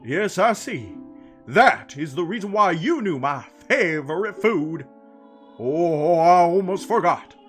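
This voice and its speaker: Man voicing a grateful, gushing Goron in a game, loud and formal, voice on the high side. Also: animated, slow, soft background music. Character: hungry male Goron stuck up high, polite and grateful.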